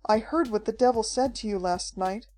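A woman voicing a frightened but brave young woman who speaks in hushed, urgent tones. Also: medium pitch, normal speed, soft background music, close to an everyday voice.

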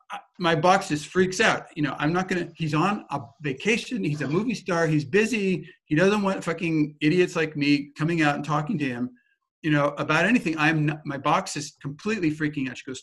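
A man gives a teaching talk in an animated, storytelling manner, swearing casually as he goes. His voice sits a little above the usual male pitch. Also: brisk, slightly rough. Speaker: teacher of personal transformation. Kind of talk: teaching talk with personal anecdote.

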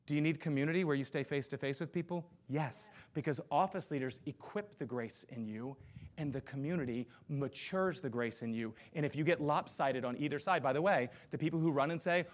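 A man's voice: medium pitch, fast. A man preaching as a pastor, talking to his congregation in a sermon full of rhetorical questions and direct address. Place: church sanctuary.

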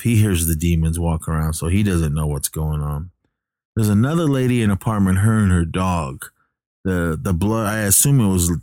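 Deep-voiced man casually rambling. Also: a little mellow, no echo, clean studio sound. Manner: rambling, hesitant, many fillers and restarts. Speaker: movie recapper. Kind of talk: casual movie recap.

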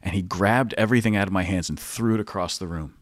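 A man with a somewhat low voice, telling stories on a podcast. He tells them in an animated way and often laughs mid-sentence. The recording is close and dry. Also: fast, dry recording. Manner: animated anecdotes, frequent laughter. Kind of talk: casual storytelling.

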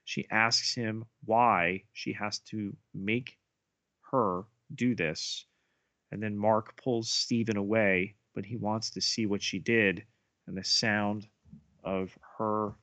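A man co-hosting a podcast, retelling a TV episode scene by scene in a measured way. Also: lowish voice, steady tone, pushed and bright, no room sound. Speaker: podcast co-host. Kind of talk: episode recap narration.

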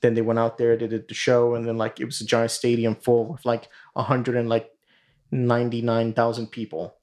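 A man's voice: mid-range voice, monotone, fairly quick, darkish tone. Rambling, swearing man telling a story. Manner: rambling, full of fillers and swearing. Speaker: podcast host. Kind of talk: casual storytelling.

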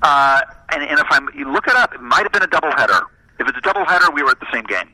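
A man chatting casually, telling stories in an animated, self-deprecating way. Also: fairly high pitch, very fast, dry recording, poor audio. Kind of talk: casual chat.

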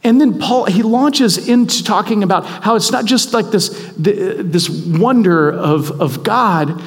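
A man's voice: high-pitched, unhurried. A man preaching a sermon in a conversational, self-deprecating, emphatic way. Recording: long hall reverb.

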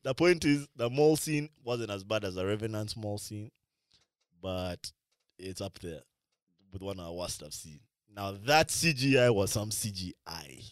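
A man in casual chat about movies, talking in slang with lots of "bro" and often trailing off into quieter asides. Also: fairly low pitch, expressive, unhurried, no echo, studio quality.

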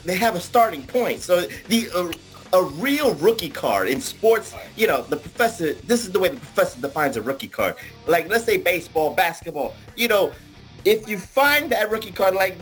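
A man hosting a casual podcast over a video call, excitable and theatrical, with grandiose self-introductions. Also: high-pitched, rough recording. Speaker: podcast host. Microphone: remote video call.

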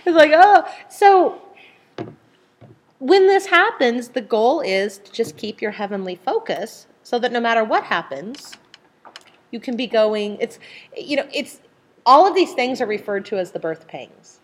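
A middle-aged woman leads a casual group Bible study in a fairly high voice. She talks in an animated way, restarting sentences often and briefly acting out voices with sudden outbursts. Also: a little slow.

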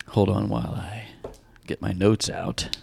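A man's voice: lowish voice, creaky, darkish tone, slight background noise. A man hosting a casual podcast chat, reading out poll results and teasing his co-hosts. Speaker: podcast host.

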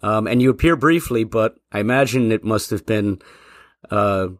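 A male podcast host asks long questions with a fairly low, dry voice. He hesitates a lot and restarts his phrasing. He sounds close and unreverberant. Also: dry recording. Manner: halting, hedging questions with fillers. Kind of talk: interview questions.

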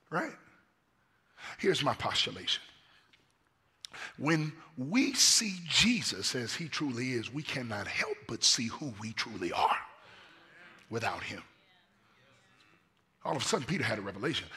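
A man preaching a lively sermon in a hoarse voice, swinging from shouts down to near-whispers and telling stories in casual slang. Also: medium pitch, measured pace, long pauses. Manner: casual slang-laced storytelling. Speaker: pastor.

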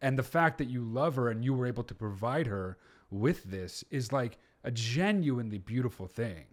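A man hosting a podcast, reacting in a rambling, excited way with fillers and casual swearing. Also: medium pitch, normal speed. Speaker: podcast host. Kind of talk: casual interview chat.

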